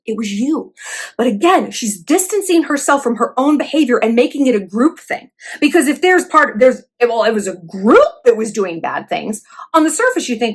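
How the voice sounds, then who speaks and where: Lively, sassy woman vlogger. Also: on the high side, moderate pace, breathy edge. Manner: sassy, profane and sarcastic; animated, with voices for quoted people. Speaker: vlog host. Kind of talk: pop-culture commentary vlog.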